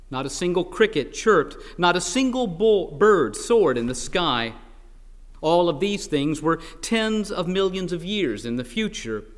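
A man's voice: sits high, fairly bright tone, big-room sound. A man reading a story aloud with a wry, dramatic delivery.

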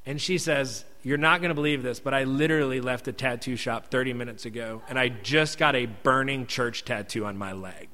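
A man's voice: mid-range voice, fairly quick, hardly any pauses, bright, forceful tone, in a large hall. A male pastor telling a personal story as a sermon in an earnest, conversational way. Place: church sanctuary.

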